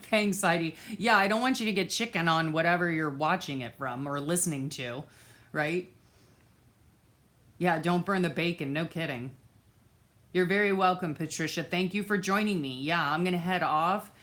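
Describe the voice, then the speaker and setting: At a moderate pace, a woman with a lowish, somewhat bright voice chats through her crafting livestream, thanking viewers by name and responding to comments. She restarts often, leans on fillers, loses focus easily, and now and then drifts from the mic.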